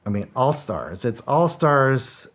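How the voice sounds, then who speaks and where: A man's voice: mid-range voice, sing-song, slow pace. A middle-aged man and former soldier telling stories as a guest in a casual interview, rambling, repeating himself and swearing freely. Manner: rambling, repeats words, swears freely, acts out quoted dialogue.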